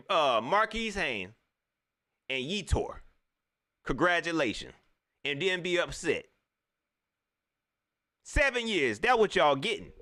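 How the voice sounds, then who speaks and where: A man vents as a fan commentator, his raised voice swooping up and down. His tone is bright and sharp, and he hammers the same points again and again in slangy, preachy talk. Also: high voice. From Southern United States. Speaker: sports vlogger, fan commentator.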